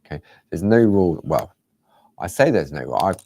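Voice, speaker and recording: A man hosting a craft show, chatting casually and rambling a little as he demonstrates, sometimes dropping to a soft near-whisper. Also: low-pitched, sing-song, a little fast, no room sound.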